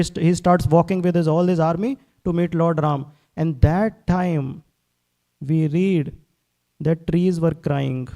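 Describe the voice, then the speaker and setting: A man speaking at a temple class delivers a devotional sermon in a high-pitched, warm voice. He tells scripture stories earnestly, repeating words and acting out the quotes.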